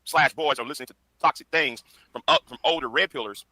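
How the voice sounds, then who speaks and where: A man lecturing to camera in a preachy tone, pausing and restarting as he makes his point. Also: fairly high pitch, bright, forceful tone, no room sound, rough recording. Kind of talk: lecturing video commentary.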